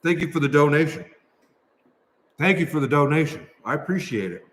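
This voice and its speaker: A man's voice: a little high, lively intonation, fairly quick. A Midwestern American man hosting a casual livestream, sighing and coughing through spicy jerky while thanking viewers. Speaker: livestream host. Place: large new shop building. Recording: echoey reverberant shop room.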